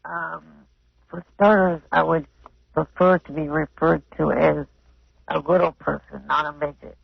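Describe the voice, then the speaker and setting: A man phoning in to a radio show, talking in a hesitant, halting way full of fillers. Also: fairly high pitch, fairly even intonation, gravelly, husky, dry recording, dull audio. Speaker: caller. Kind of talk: phone-in call.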